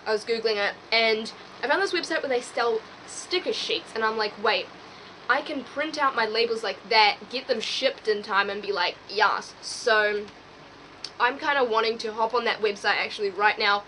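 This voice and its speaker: A young woman chatting casually at home while cleaning, rambling excitedly and swearing freely. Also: on the high side, moderate pace, a little hiss or hum, rough recording. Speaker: vlogger and small business owner. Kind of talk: casual clean-with-me vlog chat. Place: at home, tidying her room.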